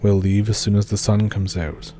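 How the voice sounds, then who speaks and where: A man voicing a gruff, determined man. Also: lowish voice, little pitch movement, moderate pace, mellow, slight background noise, lightly acted. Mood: firm. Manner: gruff, firm.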